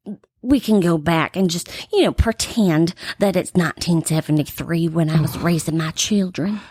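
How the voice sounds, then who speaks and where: A woman playing a prim, husky older knitter. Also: fairly low pitch, moderate pace, a little mellow, no room sound. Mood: folksy, prim. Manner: prim, folksy advice-giving. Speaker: guest. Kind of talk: improvised sketch comedy.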